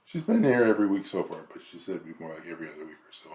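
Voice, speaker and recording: A winded, weakened middle-aged man with a very low voice trades dry, teasing quips in a casual chat. His voice rings a little in an echoey room. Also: sing-song, racing, warm tone. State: weak and easily winded. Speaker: husband sharing an illness update.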